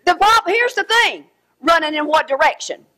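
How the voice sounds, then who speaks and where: A middle-aged woman preaching a sermon, swinging between shouted exhortation and quiet asides. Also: extremely high pitch, expressive, moderate pace.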